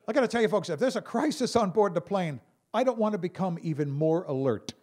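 Animated man doing stand-up comedy. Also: high voice, brisk. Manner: animated storyteller, mimics calm pilots and a Brooklyn guy. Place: stage before a live audience.

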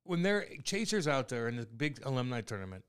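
Male podcast co-host, animated storyteller who swears freely, smooth clear voice. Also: medium pitch, fairly quick. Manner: animated storyteller, swears a lot, acts out quotes. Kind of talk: casual banter.

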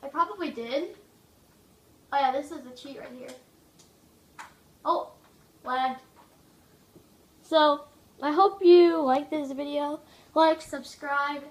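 Woman, gaming commentary, rambling, self-mocking jokes, bright sharp tone, slightly distant mic, faint background noise. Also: high voice. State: coughing, throat a bit rough. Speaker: gaming video maker. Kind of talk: casual gameplay commentary. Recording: echoey room, away from mic, faint noise.

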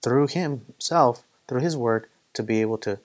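Man, mid-pitched, preaching a casual Bible study, chatty, tells stories. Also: unhurried. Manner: conversational, storytelling with acted quotes. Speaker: pastor leading Bible study. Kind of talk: casual sermon.

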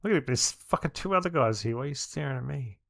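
A man's voice: mid-range voice, animated, fast talker, creaky, a bit bright, dry recording, clean studio sound. A man casually joking and bantering while streaming gameplay commentary. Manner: joking, laid-back banter. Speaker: gaming streamer.

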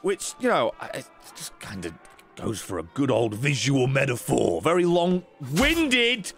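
A man streaming a violent game, giving sarcastic, sweary commentary that swings between low mutters and sudden shouts. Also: wildly swooping pitch, unhurried. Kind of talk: comedic gameplay commentary. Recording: game music behind voice.

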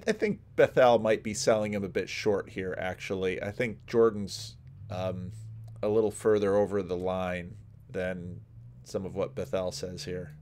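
A man commenting casually on a clip, halting and repeating words as he thinks. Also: deep voice, fairly even intonation, darkish tone. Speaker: podcast host commenting on a clip.

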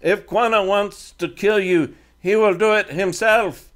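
A man voicing a defiant teenage boy who leads a band of riders and speaks in halting, broken English. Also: high-pitched, fairly even intonation, a bit bright, voice pushed up.

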